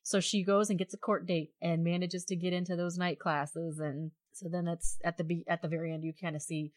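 Animated woman retelling a story. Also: fairly low pitch, brisk. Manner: animated storytelling, acting out quoted voices. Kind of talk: casual chat reviewing a film.

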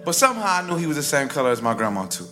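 Guy doing spoken word storytelling live, fairly high voice, big dramatic swings, guitar music underneath. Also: big pitch swings, rapid-fire. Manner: rhythmic, theatrical delivery with sharp swings in pitch and loudness. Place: stage before a live audience. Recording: live stage recording with music bed underneath.

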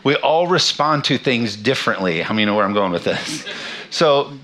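A man's voice: medium pitch, lively intonation, normal speed, bright, forceful tone. A man in his thirties, a pastor preaching a sermon, telling a funny family story with self-deprecating humor. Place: church sanctuary.

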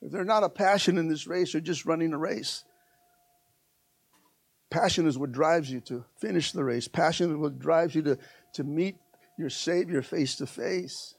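A male pastor delivering a passionate sermon, swinging from soft asides to loud, fervent climaxes. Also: on the high side, moderate pace, gravelly, slightly rough, dry recording.

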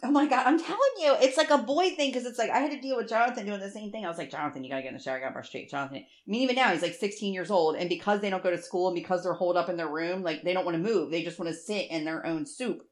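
A woman in her forties chatting casually on a podcast, telling animated stories about her kids and laughing often. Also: medium pitch, fast, hardly any pauses. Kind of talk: casual chat.

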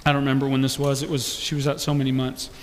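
A man's voice: mid-range voice, little pitch movement, quick pace. A young man preaching a sermon, earnestly asking the congregation question after question. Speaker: pastor. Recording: long hall reverb.

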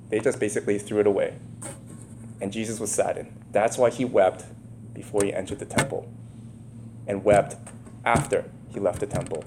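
A man's voice: on the low side, mellow, a little hiss or hum. A man preaching a conversational sermon, firing rhetorical questions at his congregation and building to emphatic, impassioned stretches. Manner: emphatic, rising to impassioned bursts. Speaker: pastor.

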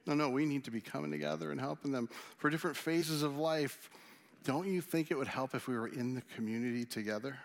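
A male pastor, giving a conversational, animated sermon and then leading a prayer. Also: medium pitch, fast. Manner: animated, conversational preaching with acted asides.

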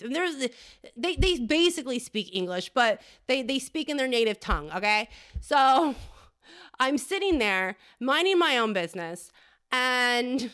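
Rambling bright-voiced woman comedian. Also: sits high, smooth. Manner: rambling, crude, keeps adding "okay?". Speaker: podcast host. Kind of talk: comedic monologue.

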